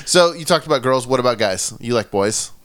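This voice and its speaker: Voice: mid-range voice, expressive, fairly quick, fairly bright tone, no room sound. A podcast co-host chatting casually, with dry, self-deprecating humor.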